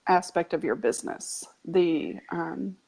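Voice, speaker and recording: A woman's voice: fairly low pitch, animated, a little slow, gravelly, darkish tone, breathy edge, low-quality recording. A woman hosting an interview, encouraging her guest with frequent affirming murmurs. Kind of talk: casual interview conversation.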